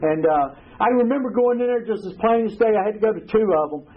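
Guy telling his story to the group, high voice, rambly, lots of "you know", sounds like it's over a phone line. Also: animated, quick pace. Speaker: speaker at a recovery meeting. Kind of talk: personal testimony to a group. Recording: tinny phone-like recording with faint hiss.

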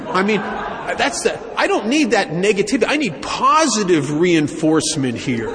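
A man telling a first-person recovery story to an audience in a wry, self-mocking way, with halting restarts. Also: fairly high pitch, very animated, fairly bright tone. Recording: long hall reverb, faint ambience.

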